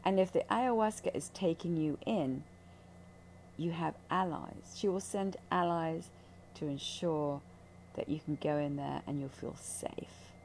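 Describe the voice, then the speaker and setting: A woman speaks about spiritual healing in a lowish, mellow voice. She is blunt and intense, swears freely, and has a faint hum behind her. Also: measured pace, gravelly. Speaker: ayahuasca ceremony guide. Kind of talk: candid spiritual talk.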